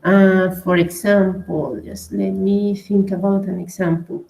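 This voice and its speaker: A woman English teacher, patient and methodical, explains an online lesson step by step, frequently asking "right?" and "okay?" Her medium-pitched, darkish voice is flat and a little slow, with vocal fry. The recording has echo and faint noise.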